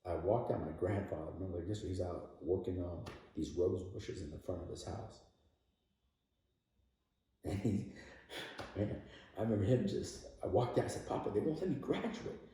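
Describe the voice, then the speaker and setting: Man, podcast guest, low dark voice, laughs often, many yeah fillers, distant in a very echoey room. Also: moderate pace, long pauses. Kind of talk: emotional personal storytelling. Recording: very roomy echo, distant from mic.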